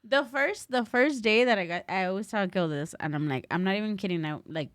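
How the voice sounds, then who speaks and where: A woman in casual podcast chat, telling animated stories and mimicking other people. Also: medium pitch, a little fast, dry recording. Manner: animated storytelling, swears, mimics voices.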